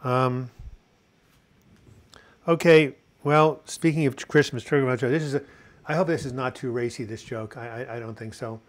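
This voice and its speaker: A man's voice: medium pitch, fairly even intonation, moderate pace, pauses often. Chatty man in his sixties telling corny jokes. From United States. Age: 60s. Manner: chatty, tells corny jokes and puns, reads viewer comments aloud. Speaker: host of a live video chat on mental health. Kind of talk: casual live-stream chat.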